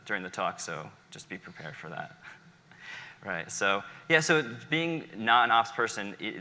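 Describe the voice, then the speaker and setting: An American man gives a casual conference talk, wandering into joking tangents and filling pauses with ums. His voice is rather low but strikingly bright and edgy. The sound carries a long echo from a large hall. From United States. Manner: rambling, joking asides, many ums. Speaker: conference speaker.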